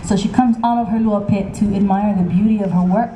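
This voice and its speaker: A woman telling a legend live to an audience in a lively, chatty, teasing way. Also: medium pitch, a little fast, slight background noise. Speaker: storyteller. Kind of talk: live oral storytelling to an audience. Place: outdoor concert stage. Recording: echoey outdoor stage sound.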